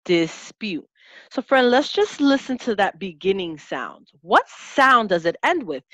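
A woman teaching a lesson, sounding out letters and syllables slowly and clearly as an instructor. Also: on the high side, very animated, bright, forceful tone, dry recording. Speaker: teacher and test-prep instructor.

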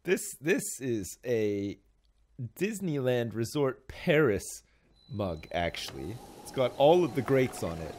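A man's voice: medium pitch, sing-song, slow, darkish tone. A man streaming a game live, joking, swearing and reading game text aloud in casual commentary.

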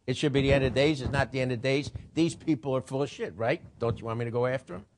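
A man's voice: medium pitch, fast, slight background noise, voice pushed up, lightly acted. A man putting on the voice of a zealous young man pleading urgently with his bosses. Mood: insistent. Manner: urgent, insistent.

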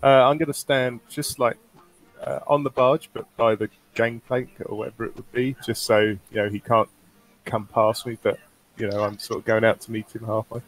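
A man's voice: mid-range voice, little pitch movement, moderate pace, faint music behind. A young man as a player, chatting casually and joking between moves in a tabletop game. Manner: jokey, rambling, laughs at own jokes.

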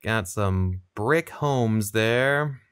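A young man giving casual, chatty commentary over his own gameplay, relaxed and laughing often. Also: on the low side, very slow, clear, resonant tone, dry recording, clean studio sound. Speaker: gaming video creator.

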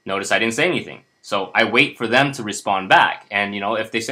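A man's voice: on the low side, fast, hardly any pauses, bright, forceful tone. A man casually walking viewers through a personal finance spreadsheet, chatty and upbeat, with many fillers and restarts. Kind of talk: casual screen-share tutorial.

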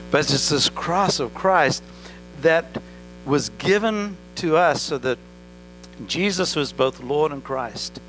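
A man's voice: fairly high pitch, sharp tone, low-quality recording. A male pastor preaching an earnest sermon, telling a story with rising and falling emphasis. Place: church. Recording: church recording with electrical hum.

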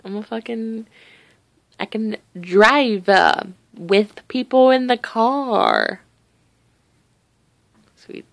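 A woman's voice: fairly high pitch, wildly swooping pitch, extremely slow, creaky, pauses often, dry recording. A teenage girl vlogging casually from her bed at home, chatty and rambling, with casual swearing. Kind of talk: casual chat.

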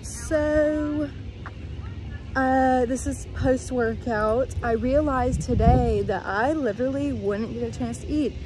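A woman's voice: fairly high pitch, steady tone, a little slow, hardly any pauses, over a noisy crowd. A young college woman vlogging about her busy day, chatty and upbeat, often saying "like.". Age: young adult. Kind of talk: casual vlog chat.

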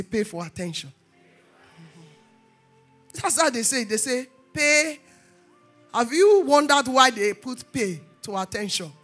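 A woman pastor, preaching a sermon in call-and-response style and rising to shouts. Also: sits high.

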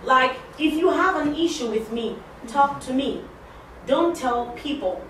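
A woman's voice: sits high, measured pace, fairly bright tone. A woman teaching a class of assistants, talking conversationally, repeating her points and questioning the class. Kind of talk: interactive classroom talk. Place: classroom or training room. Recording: very echoey room, distant mic, faint noise.

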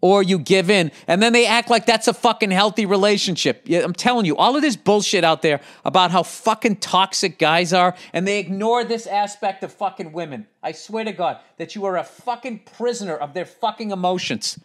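A man's voice: high voice, fairly quick, few pauses. A middle-aged man with a Boston accent hosting a podcast, reading listener letters and ranting back with constant profanity. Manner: profane, animated ranting with frequent swearing; reads listener letters aloud, then rants back.

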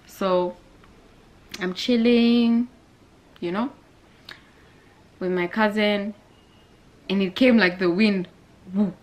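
A woman's voice: medium pitch, slow, pauses often. Chatty young woman. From Zambia. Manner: animated, chatty, addresses viewers directly. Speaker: vlogger. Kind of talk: casual storytime vlog.

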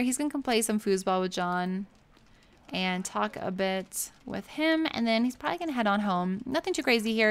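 A woman's voice: medium pitch, creaky. A woman giving casual, chatty commentary over a life-sim game, laughing often and gushing over the family she plays. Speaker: gameplay streamer.

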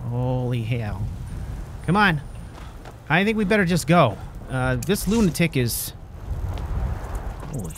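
A man talks through a game in character, joking and chatting to his dog companion. His speech is unhurried, but his pitch swings widely. Clear gameplay noise runs behind him. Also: sing-song. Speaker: role-play gamer. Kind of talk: in-character game role play.

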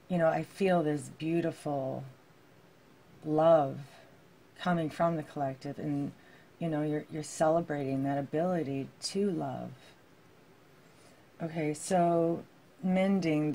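A woman giving a heartfelt tarot reading to her viewers, reading card texts aloud and musing softly with many fillers. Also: low-pitched, creaky, a little hiss or hum. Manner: soft-spoken, heartfelt, with frequent fillers. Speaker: tarot reader.

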